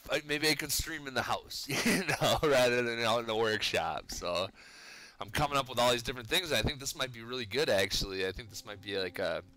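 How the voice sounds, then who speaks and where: Minnesota dude streaming from his garage, bright voice, cusses a lot, chill. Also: medium pitch, brisk. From Minnesota, Twin Cities. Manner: laid-back, swears often, says dude. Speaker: livestreamer making pipe rings. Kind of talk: casual chat while crafting. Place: cold garage workshop.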